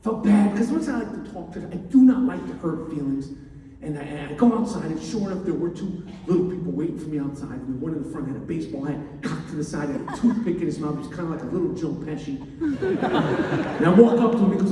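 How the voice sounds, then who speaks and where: Rambling comedian in an echoey hall. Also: male voice, on the high side, animated, fast, mellow. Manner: rambling, many fillers and restarts. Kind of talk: stand-up comedy. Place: large hall with an audience. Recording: echoey hall, mic from far off.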